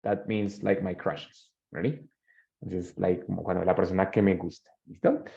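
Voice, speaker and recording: A Spanish-speaking English teacher in his 30s, with a gravelly, low male voice, runs an online class and mixes in Spanish explanations. His intonation is fairly even and his pace a little fast, and he patiently repeats phrases and checks in with "ready?". The call audio is dull and lo-fi.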